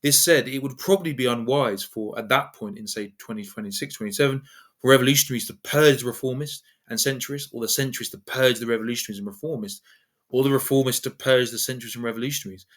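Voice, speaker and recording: A man's voice: medium pitch, quick pace, a bit bright. A man, the channel's host, delivering a wordy, digressive political essay in formal phrasing.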